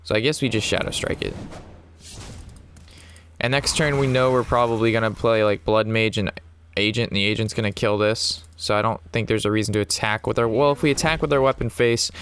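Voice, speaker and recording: A man's voice: lowish voice, steady tone, fairly quick, fairly bright tone, a little hiss or hum. A man in his twenties giving casual, rambling commentary on his own card game match, swearing and laughing often. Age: 20s. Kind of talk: casual gameplay commentary mixed with an anecdote.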